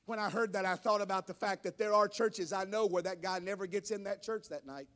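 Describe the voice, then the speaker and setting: Pastor, male, high-pitched, sermon delivery that climbs to shouting. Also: a little fast. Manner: preaching, rising to shouts. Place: church.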